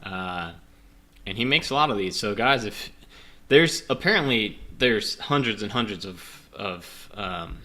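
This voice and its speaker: Bright-voiced man rambling as game master. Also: on the low side, lively intonation, a little slow. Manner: rambling, self-deprecating, many fillers. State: drinking. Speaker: game master playing a solo gamebook. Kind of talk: casual chat and reading game narration.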